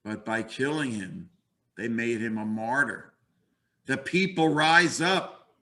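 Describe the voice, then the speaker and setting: An older man in his sixties giving a webinar lecture on comics, relaxed and conversational, with wry asides. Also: medium pitch, slow pace.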